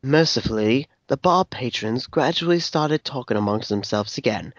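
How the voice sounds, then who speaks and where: A man narrating a fan story aloud in an expressive storytelling manner. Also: medium pitch, moderate pace, no room sound. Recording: dry, dull lo-fi sound.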